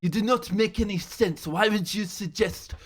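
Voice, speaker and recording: A young man putting on a French accent to mimic an indignant young woman who yells at him. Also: normal speed, breathy edge. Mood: indignant, shouting. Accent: French, put on. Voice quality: high, strident, stilted.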